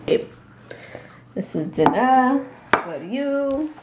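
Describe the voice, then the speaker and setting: A woman's voice: high-pitched, lively intonation, slow pace, echoey room, very noisy. Playful woman vlogging at dinner. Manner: playful and teasing, laughs often. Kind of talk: casual family chat. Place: home kitchen at dinner.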